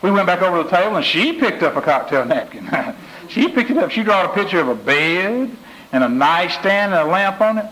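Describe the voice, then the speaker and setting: A man putting on a drawling, high-pitched store owner. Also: very animated, a little fast, sharp tone, heavily acted, rough recording. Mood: bragging. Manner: talks out of a half-moon curled mouth. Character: drawling small-town male furniture seller.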